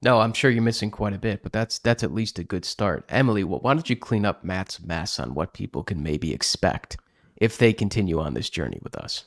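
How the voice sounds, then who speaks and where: Joking man co-hosting a podcast, low voice. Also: animated, a little fast, no room sound, studio quality. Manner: joking, repeats words as he starts sentences. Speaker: podcast co-host. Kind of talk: casual podcast chat.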